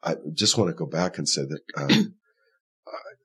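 A man with a very deep, husky voice talks over his stage work in an interview. He is thoughtful and rambling, with plenty of fillers and restarts. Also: big pitch swings, a little slow, fairly bright tone. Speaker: actor in the play. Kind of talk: conversational interview.

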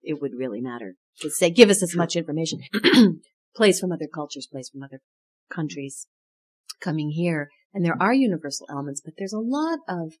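A woman's voice: low voice, animated, a little fast. A woman from the United States interviewing theater makers, reflective and analytical. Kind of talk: conversational interview.

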